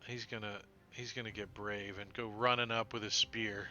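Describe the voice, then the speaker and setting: A man running a tabletop game as game master, acting out sound effects and shouted lines. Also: lowish voice, level tone, normal speed, highs cut off.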